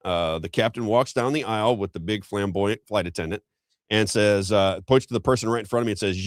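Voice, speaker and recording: A middle-aged man hosting a talk show, telling a story in a rambling, animated way with frequent restarts. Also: lowish voice, fast talker, no echo. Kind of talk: casual storytelling commentary.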